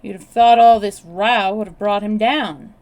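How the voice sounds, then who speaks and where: A woman's voice: medium pitch, steady tone, a little slow, darkish tone, natural voice. A woman voicing a weary, pompous older English lord who grumbles in a sad voice. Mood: grumbling.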